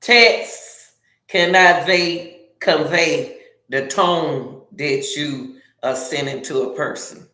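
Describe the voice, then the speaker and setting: A middle-aged woman hosting a casual advice talk, blunt and animated, speaking slowly in her own slang. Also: on the low side, echoey room, low-quality recording. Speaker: channel host. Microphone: phone or camera, livestream.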